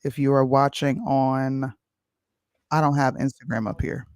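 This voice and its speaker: A man's voice: medium pitch, level tone, measured pace, darkish tone, clean tone, no echo, studio quality. A man hosting a live stream, chatting casually with an opinionated, laughing manner.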